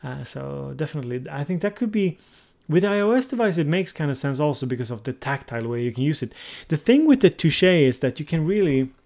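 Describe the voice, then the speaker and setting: A man's voice: on the high side, sing-song, fairly quick, gravelly, hardly any pauses, darkish tone. A male livestream host chats easily with his viewers and answers their comments as he goes. He thinks aloud and now and then stops to search for the right English word.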